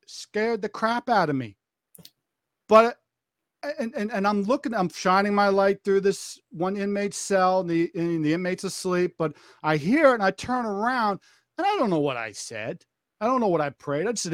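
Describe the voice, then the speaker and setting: A woman, a former corrections officer, telling her testimony as a podcast guest in an animated way, acting out the voices she quotes. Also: mid-range voice, measured pace, dry recording, studio quality. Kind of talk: testimony storytelling.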